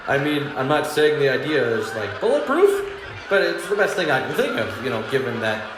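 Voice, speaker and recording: A man's voice: mid-range voice, moderate pace. Guy doing a rambly stand-up bit, mid voice, laughs at his own jokes, echoey room. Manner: meandering, self-deprecating, chuckles through his own jokes. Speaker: stand-up comedian. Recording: echoey room with faint hum.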